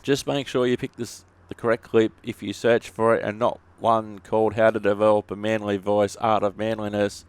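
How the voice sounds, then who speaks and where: A man's voice: fairly low pitch, little pitch movement, moderate pace, hardly any pauses, clear, resonant tone, dry recording. An Australian man hosting bus simulator gameplay, answering viewer questions with dry, joking humour. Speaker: YouTube gaming host.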